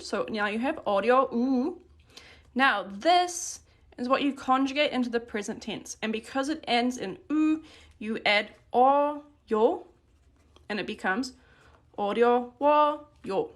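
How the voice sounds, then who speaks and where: Woman, high voice, friendly live-stream language teacher who explains step by step. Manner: friendly, explains step by step, thanks viewers by name. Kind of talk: live-streamed grammar lesson.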